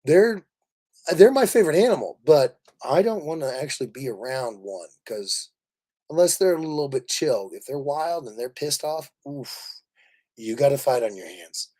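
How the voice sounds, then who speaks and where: A man from Kansas City, Missouri, hosting a casual livestream, animated and laughing as he rambles through stories. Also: mid-range voice, normal speed. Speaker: livestream host.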